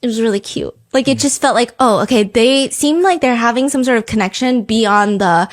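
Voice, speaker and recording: Animated woman telling a story. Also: a little high, normal speed. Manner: animated, acts out quotes in shifting voices. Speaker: podcast host. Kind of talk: casual storytelling chat.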